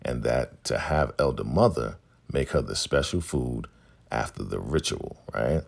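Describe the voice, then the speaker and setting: A man casually recapping a TV episode, retelling scenes by quickly acting out the characters' lines. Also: expressive. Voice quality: gravelly, husky low voice. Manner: retells scenes with quick quoted dialogue and laughs. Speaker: recap host.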